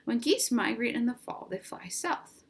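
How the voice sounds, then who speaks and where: A woman teacher giving an online reading lesson, reading out vocabulary words slowly and prompting children at home to repeat them. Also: a little high, animated. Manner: slow, clear word drills with prompts.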